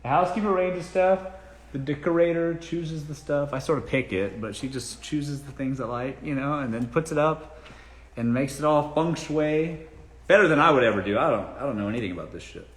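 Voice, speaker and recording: A man's voice: mid-range voice, animated, brisk, roomy sound. A man from South Carolina with a Southern accent, hosting a casual live-stream Q&A on dating and giving blunt, profane, joking answers. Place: room in his home.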